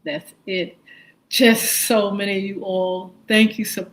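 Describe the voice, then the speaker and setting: A woman's voice: mid-range voice, level tone, rough recording. A woman hosting a live morning show stream, greeting viewers one by one and spelling out their usernames. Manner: slow, warm greetings, spelling out viewer names.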